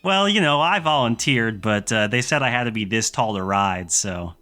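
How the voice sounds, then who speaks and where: A man's voice: mid-range voice, lively intonation, moderate pace, pushed and bright, soft background music. A man voicing a cheerful, joking male mechanic in his forties in a tabletop game, with a folksy manner.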